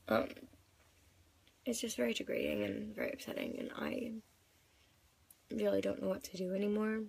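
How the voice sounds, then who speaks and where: A woman's voice: medium pitch, animated, fairly quick, creaky, noisy background. A woman in her twenties venting in a live video, crying and upset, rambling with many fillers. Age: 20s. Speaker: vlogger.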